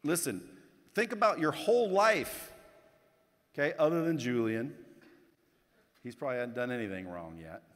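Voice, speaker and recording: A man's voice: medium pitch, moderate pace, long pauses, a bit bright. A man giving a motivational keynote speech to a conference crowd, blunt and casual, swearing and addressing the audience directly. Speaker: keynote speaker. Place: conference hall stage. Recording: long hall reverb.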